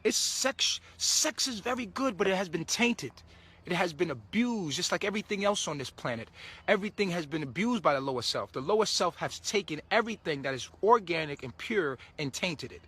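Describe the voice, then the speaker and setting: A man's voice: a little high, lively intonation, fairly quick, a bit bright, breathy edge. A man giving a casual spiritual monologue to his viewers, preachy and swearing freely, often breaking into laughter. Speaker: spiritual vlogger.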